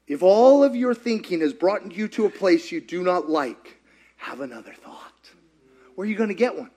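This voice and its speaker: High, lively-voiced male preacher. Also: normal speed. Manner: animated, conversational, quizzes the audience. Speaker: pastor. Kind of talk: sermon.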